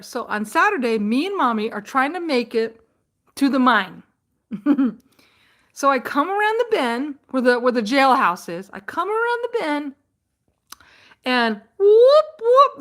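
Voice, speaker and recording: Brief: chatty woman live-streamer, fairly high voice, rambling and laughing through a story. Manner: rambling, animated, laughs and restarts often. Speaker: vlogger on a live chat stream.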